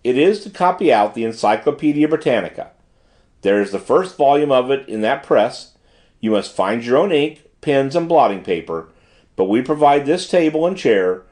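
A man voicing a brisk, fussy middle-aged male manager who talks formally and gushes in an audiobook reading. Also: mid-range voice, animated, a little mellow, close to an everyday voice. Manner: formal, gushing and exacting.

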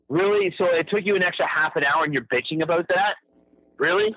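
A man's voice: high-pitched, a little fast, slightly rough, no room sound. A man from Ontario co-hosting a podcast, chatting casually, swearing freely and laughing often as he tells stories. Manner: profane, laughs often, animated storyteller. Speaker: podcast co-host. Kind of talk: casual chat. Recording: tinny phone-like audio.

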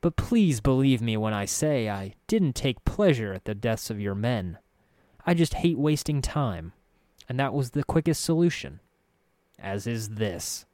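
A man's voice: mid-range voice, unhurried, no room sound, studio quality. A man as a coolly polite, ruthless spellcaster. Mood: coldly menacing. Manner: calm, coolly polite menace. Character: cold, ruthless male spellcaster, calm and polite.

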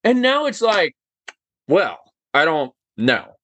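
A man talking as a podcast guest in casual chat, animated and emphatic, firing off rhetorical questions. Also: fairly high pitch, slow pace, dry recording.

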